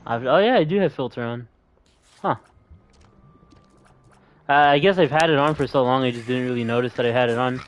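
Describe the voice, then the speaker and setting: A man's voice: mid-range voice, brisk, pauses often. Young man, streamer, casual gameplay chat, laid-back, swears casually.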